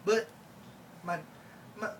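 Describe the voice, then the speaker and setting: A man tells a rambling comic story in a mock-sorrowful way. His voice is bright and sharp. He sits back from the mic, with a faint hum behind him. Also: extremely slow, distant mic, low-quality recording. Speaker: comic monologuist. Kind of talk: comedic character monologue.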